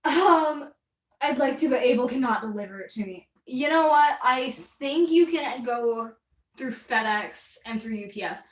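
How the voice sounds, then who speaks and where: A woman's voice: sits high, expressive, measured pace, distant mic. A young woman in her twenties chatting casually on a live stream while she paints, rambling and reading out viewer comments. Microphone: distant mic, moves around while working. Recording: roomy echo, voice off-mic.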